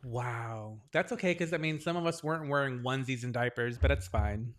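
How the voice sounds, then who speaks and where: A man in his forties co-hosting a podcast, chatting casually and telling stories with lively acted-out quotes. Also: medium pitch, a little fast. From New England, US. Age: 40s. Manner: animated storyteller who acts out the voices of others in his stories. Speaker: podcast co-host. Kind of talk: casual chat.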